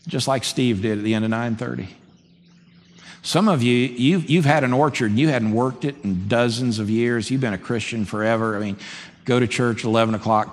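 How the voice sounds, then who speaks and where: Man, pastor preaching in a church, mid pitch, conversational sermon, echoing hall. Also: fairly quick. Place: church sanctuary. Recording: long hall reverb, faint background noise.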